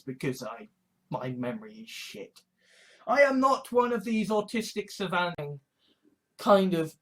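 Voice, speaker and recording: A man's voice: high-pitched, rough recording. Swearing, rambling young man. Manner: profane, rambling, with frequent restarts. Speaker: amateur sermon vlogger. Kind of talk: rambling monologue clips.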